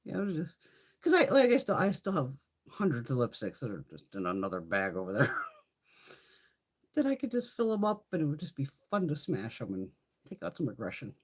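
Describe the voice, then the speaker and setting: Husky, swearing beauty streamer woman. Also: deep voice, normal speed. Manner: profane, laughing, animated storytelling. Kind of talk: casual live-stream chat.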